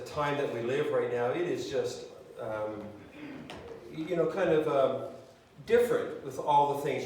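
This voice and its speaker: Pastor, man, higher-pitched voice, sermon with halting restarts, recorded from a distance in an echoey hall. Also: a little mellow, a little hiss or hum. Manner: halting, with many restarts and fillers.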